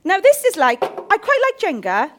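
A woman's voice: extremely high pitch, wildly swooping pitch, moderate pace, noisy background. A woman in her fifties preaching a sermon, impassioned and jokey.

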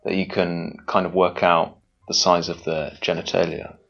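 Low-voiced guy rambling and laughing on a muffled lo-fi call. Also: flat delivery, normal speed, creaky, fairly bright tone, faint music behind. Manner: laughing, rambling, self-deprecating. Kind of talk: casual podcast banter. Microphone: online call. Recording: dull lo-fi call audio.

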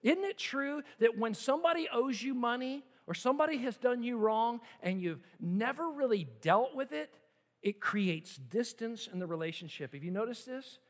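A man with a strikingly high voice preaches a sermon, leaning on repeated phrases and rhetorical questions. His words ring out with a long, hall-like reverb, as from a large sanctuary. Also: expressive, normal speed. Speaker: pastor.

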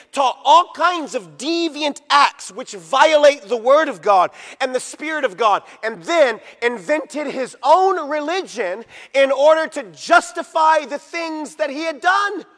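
A man preaching a sermon with fervent emphasis, swinging between loud declarations and low, drawn-out phrases. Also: expressive, long reverb tail.

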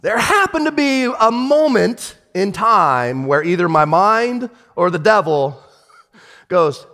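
Male pastor, slightly high voice, chatty storyteller with asides, long church-hall reverb. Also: slow pace. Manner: animated, chatty, many restarts and asides. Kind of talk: sermon storytelling.

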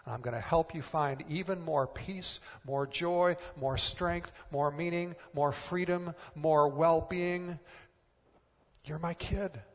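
A man preaches with earnest, coaxing warmth, his voice rising into emphatic swells as he presses a point. His voice sits a little high for a man. A long hall reverb trails behind every phrase. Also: fairly even intonation, takes it slowly, hardly any pauses. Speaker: pastor. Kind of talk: sermon.

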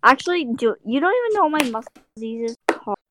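A young woman with a fairly high, animated voice chats on a friends' podcast. She swings around in pitch and is quick to argue back. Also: background noise. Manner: lively, quick to object. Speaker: podcast co-host. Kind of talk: casual chat among friends.

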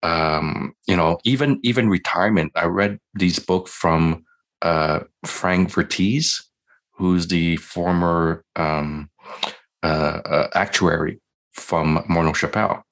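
A man's voice: low-pitched, steady tone, slow, fairly bright tone. A man in his forties, a physician and podcast guest, telling a candid, self-deprecating story in a casual interview and acting out the voices of the people in it. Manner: candid, self-deprecating, acts out quoted dialogue.

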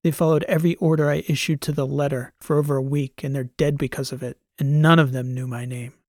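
A man voicing a hard, cynical male veteran soldier who talks gruffly and with contempt. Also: on the high side, little pitch movement, fast talker, a little mellow, no room sound, studio quality, close to an everyday voice. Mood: menacing contempt.

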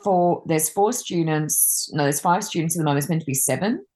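A woman's voice: low voice, brisk, a little mellow. A woman, a Reiki master and card reader, chatting casually and telling rambling anecdotes with many fillers.

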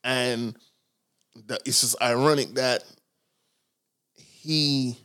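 A man co-hosting a podcast, talking in animated, slangy casual chat. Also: medium pitch, drawn-out words. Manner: animated, slangy, puts on comic voices when quoting others. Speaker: podcast co-host.

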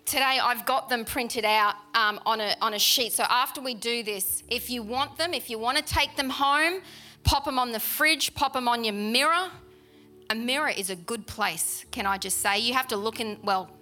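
A woman preaches to her congregation, with a fairly high, bright, ringing voice. She talks in a chatty way and drives points home by repeating them. Soft music plays behind her. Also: moderate pace. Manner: animated, chatty, with laughs and emphatic repetition. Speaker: pastor. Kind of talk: sermon. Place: church hall.

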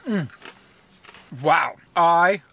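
Bright, chatty woman podcast host. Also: lowish voice, very slow, gravelly, a little hiss or hum. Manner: chatty, laughing easily. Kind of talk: casual chat.

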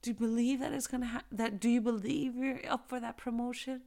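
A woman giving a casual Christian devotional talk to other women, encouraging and preachy, who slows down to stress key phrases and talks straight to her listeners. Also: on the high side, fairly even intonation, creaky, a little mellow.

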